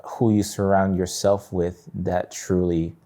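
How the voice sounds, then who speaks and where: A man's voice: deep voice, flat delivery, slow, mellow. A young adult man chatting as a podcast guest in a laid-back way, saying "bro" and "man" often. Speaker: guest musician. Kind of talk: casual chat.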